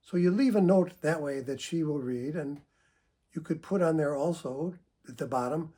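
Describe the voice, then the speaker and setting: A man speaking as a psychotherapist, giving calm, measured advice to viewers with frequent "uh" fillers. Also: a little high.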